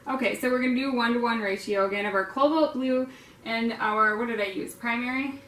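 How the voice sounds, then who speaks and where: A woman's voice: a little high, a little fast, fairly bright tone. A woman hosting a casual painting tutorial, chatty and rambling with lots of fillers, poking fun at herself. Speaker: art tutorial host. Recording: echoey room, distant mic, faint noise.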